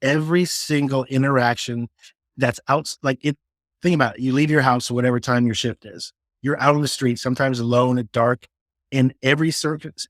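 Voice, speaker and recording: A middle-aged man from Florida talks through his personal stories as an interview guest. His voice sits at an ordinary middle pitch, recorded close and dry with no room sound. He slips into the voices of the people in his stories and often restarts his sentences. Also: no room sound. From Florida, USA. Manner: animated storyteller who acts out quoted dialogue, frequent restarts. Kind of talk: casual storytelling interview.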